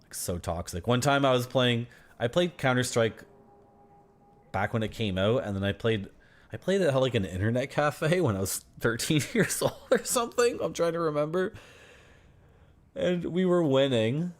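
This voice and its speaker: A man in his thirties streams a game and gives casual, rambling commentary, chatting with viewers and laughing often. His mid-range voice is expressive, at a moderate pace.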